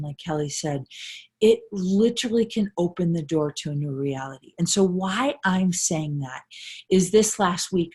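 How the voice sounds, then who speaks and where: A woman's voice: medium pitch, darkish tone, husky. A middle-aged woman life coach giving a casual, earnest motivational talk, repeating phrases for emphasis and tagging lines with "right?". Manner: earnest, emphatic, repetitive, with frequent "right?" tags.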